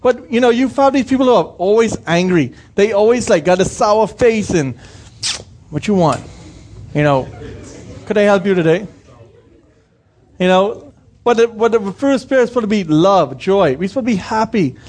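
A young man preaching a sermon in a high, light voice. He keeps it chatty and informal, asking the congregation direct questions. He breaks into brief impressions of the people he describes. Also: lively intonation, brisk, darkish tone. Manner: conversational preaching, asks the congregation questions, acts out quoted voices. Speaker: pastor.

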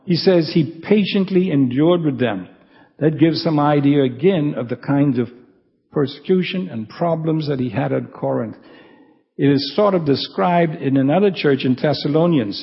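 A pastor giving an earnest expository sermon, slowing down to stress scripture as he reads it aloud. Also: fairly high pitch, big-room sound, lo-fi sound.

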